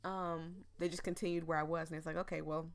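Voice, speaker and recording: A woman's voice: lowish voice, level tone, fast. A young woman from the United States chatting casually while playing a story game, rambling, laughing often and losing her voice. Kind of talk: casual chat while reading game text aloud.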